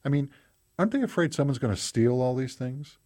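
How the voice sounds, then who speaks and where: A man putting on a curious young boy for a storybook reading, his voice lifted well above his own low register. The boy sounds eager and full of questions. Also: lively intonation, brisk, a little mellow, close to an everyday voice.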